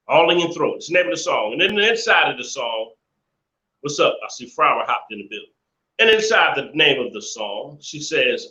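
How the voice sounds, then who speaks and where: In a dull, lo-fi recording from an echoey room, a live-stream host goes on an indignant, repetitive rant in casual commentary. His voice is fairly high-pitched with a sharp tone.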